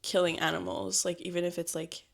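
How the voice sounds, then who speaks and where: A young woman co-hosting a podcast in a studio, soft-spoken and tender, with lots of "like" fillers. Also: on the low side, little pitch movement, brisk, vocal fry. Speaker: podcast co-host. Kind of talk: casual chat. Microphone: studio mic.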